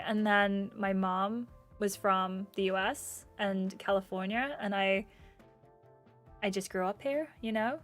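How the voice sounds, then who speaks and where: A woman's voice: mid-range voice, fairly bright tone, dry recording. A young woman with an English accent, chatting casually with her livestream viewers and reading their comments aloud in a bubbly, talkative way. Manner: bubbly and chatty, quick laughs and gasps. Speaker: gaming streamer.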